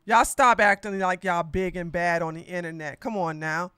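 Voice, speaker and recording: A woman's voice: lowish voice, steady tone, moderate pace, a bit bright, clear, resonant tone, dry recording, clean studio sound. A woman hosting a political podcast, talking in a blunt, sassy, mocking way with lots of slang. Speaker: podcast host. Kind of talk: casual political commentary.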